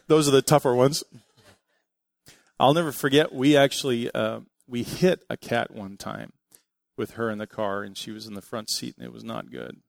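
A middle-aged man preaching a sermon, telling family stories in an animated way and acting out what people said. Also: medium pitch, unhurried, vocal fry, long pauses, no echo. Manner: animated storytelling, acting out quotes. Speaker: pastor.

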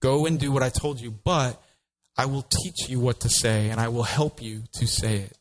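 A man voicing God as a stern, booming commander during a sermon. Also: fairly even intonation, moderate pace, close to an everyday voice, low-quality recording.

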